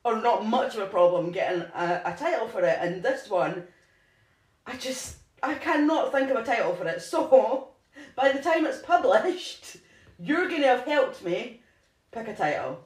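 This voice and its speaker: A woman's voice: fairly high pitch, expressive, normal speed. A woman co-hosting a podcast in casual chat, rambling and laughing at herself. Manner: giggly, rambling, self-mocking. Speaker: podcast co-host. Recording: echoey room.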